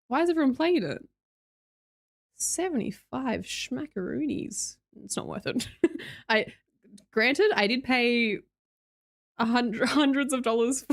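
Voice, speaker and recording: A young Australian woman streaming live, chatting casually with her viewers and reading out their messages, bubbly and laughing often. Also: fairly high pitch.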